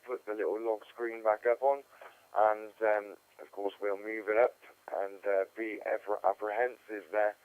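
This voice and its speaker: A man's voice: lowish voice, smooth, no room sound. A man hosting an amateur radio net, talking in a chatty, rambling way with lots of fillers. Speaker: net host. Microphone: amateur radio transceiver mic. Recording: tinny radio link.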